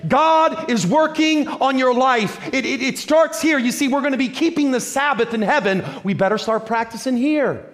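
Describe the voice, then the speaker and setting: Male pastor with a high voice, delivers a lively sermon with humor and repetition. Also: normal speed, few pauses. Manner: lively, humorous preaching with repeated phrases.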